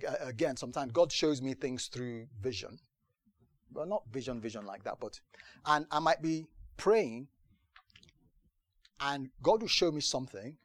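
In a dry recording, a man with a slightly high voice preaches as pastor, telling personal stories in his sermon. He keeps repeating "do you understand" to the congregation.

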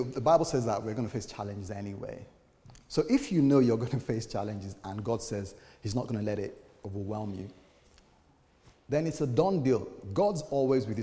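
A man's voice: fairly low pitch, warm tone, in a large hall. A man preaching a sermon as a pastor, speaking in a conversational way and acting out the voices of people he quotes.

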